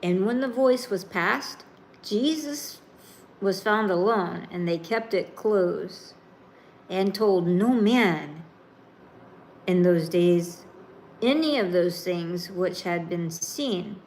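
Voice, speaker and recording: A woman preaching a sermon, reading scripture and then explaining it in a slow, emphatic, informal way. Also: lowish voice, expressive, a little mellow, a little hiss or hum.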